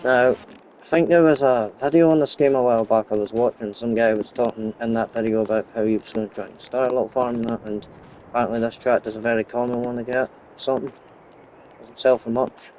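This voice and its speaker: A young man chats his way through a farming game in a loose, rambling way, wandering off into side stories. His voice is mellow and relaxed. A faint hiss of noise sits under the recording. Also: mid-range voice, fairly quick. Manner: rambling, chatty, goes off topic. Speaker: gaming YouTuber. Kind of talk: casual gameplay commentary.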